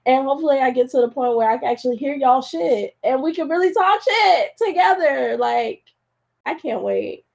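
A woman cries as she hosts a solo podcast, emotionally encouraging her listeners and calling them "y'all" in a casual way. Her voice is high-pitched, creaky, and dark, and she talks fairly quickly.

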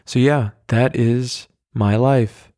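A man hosting a solo podcast, telling rambling, self-deprecating stories in his flat with many fillers, carrying a handheld mic around as he walks. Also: mid-range voice, slow pace, dry recording, clean studio sound. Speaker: podcast host. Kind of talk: casual solo storytelling. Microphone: handheld mic carried around.

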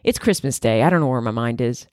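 A woman comedian hosting a podcast, talking in a profane, rambling monologue that swings into loud high exclamations. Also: animated, quick pace, no echo, studio quality.

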